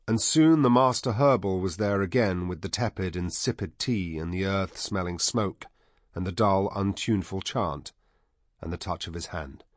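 A man reading a fantasy story aloud as audiobook narration, measured, quiet and unhurried. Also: on the low side, no echo, studio quality.

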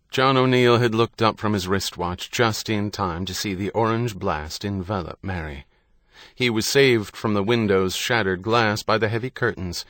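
A man narrating an audiobook in a measured, grave reading. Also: fairly low pitch, fairly bright tone, no room sound, clean studio sound. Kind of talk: scripted narration.

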